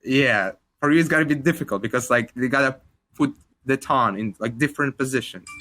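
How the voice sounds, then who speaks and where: A man's voice: medium pitch, brisk, bright, forceful tone. A young man in his twenties with a Russian accent, co-hosting a casual podcast chat. He rambles, leans on "like" a lot and swears casually. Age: 20s. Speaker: podcast co-host.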